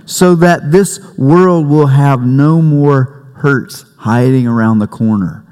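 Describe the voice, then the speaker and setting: A man delivers a sermon in an unhurried, conversational way. He leans on jokes and family anecdotes. His voice carries a long reverb in a church sanctuary. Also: mid-range voice, a little mellow, clean tone. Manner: conversational preaching with humor and family stories. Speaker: pastor.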